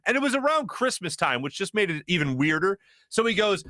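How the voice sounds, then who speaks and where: A man hosting a sports talk show in a studio, telling a story in a lively way and laughing as he acts out what people said. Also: high voice, brisk, no room sound. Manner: animated, laughing as he acts out quotes. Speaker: host. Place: radio studio.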